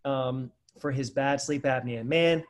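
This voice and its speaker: A man's voice: mid-range voice, a little slow. A man, a dentist, hosting a casual webinar Q&A, talking energetically and rambling straight to viewers.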